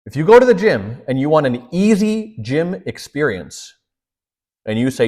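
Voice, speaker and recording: A man's voice: a little high, big pitch swings, moderate pace, darkish tone. A man who is a priest, giving a storytelling lecture and acting out the dialogue in his stories.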